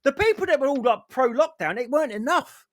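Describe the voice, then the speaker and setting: Animated high-voiced sweary man. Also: quick pace, no room sound, clean studio sound. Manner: sweary, ranting, mimics other people. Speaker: podcast co-host. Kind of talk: casual comedy podcast rant.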